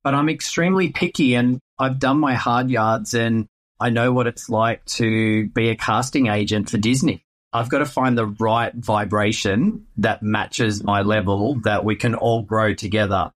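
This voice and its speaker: A man, a real estate agent answering interview questions in a playful, animated way. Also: on the low side, a little slow.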